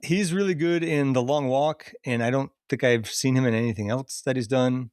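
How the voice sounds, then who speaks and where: A man hosts a casual podcast, chatting loosely and laughing often while running through a cast list. His voice is smooth and medium-pitched with a darkish tone, at a moderate pace.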